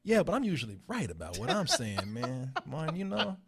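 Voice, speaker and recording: A man co-hosting a film review show, talking in emphatic, profane, animated banter. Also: medium pitch, brisk, creaky. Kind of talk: casual movie review banter.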